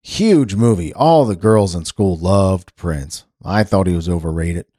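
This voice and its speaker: A man's voice: deep voice, measured pace, mellow, no room sound, studio quality. A man hosting a casual radio segment, reading weather and birthdays in a chatty, rambling way. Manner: chatty, rambling, self-correcting. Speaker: radio host.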